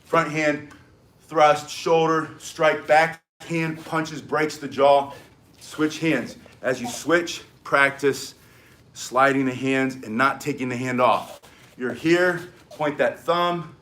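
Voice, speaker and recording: An older American man with an excitable, energetic manner, teaching self-defense in a live-streamed martial arts lesson and barking short emphatic commands. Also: on the high side, slow. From United States. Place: home in South Florida.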